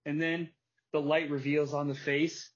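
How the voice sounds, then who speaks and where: A man hosting a casual podcast, telling a story with energy, putting on quick voices and laughing often. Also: on the high side. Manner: animated storytelling, acts out wrestler quotes and laughs often. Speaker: podcast host. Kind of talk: casual chat. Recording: dull lo-fi podcast audio.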